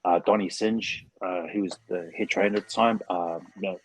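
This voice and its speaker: A man's voice: low voice, steady tone, moderate pace, a little hiss or hum. A man in his forties from New Zealand, a former rugby league player, talking as a podcast guest in a laid-back, rambling way with lots of fillers. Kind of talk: casual interview chat. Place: podcast studio.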